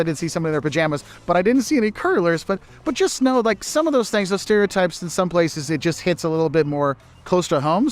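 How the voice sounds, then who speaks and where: Chatty high-voiced American man. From United States. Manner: chatty, repeats words, mimics locals in asides. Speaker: travel vlogger. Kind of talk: casual travel advice to camera. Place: outdoors in a city.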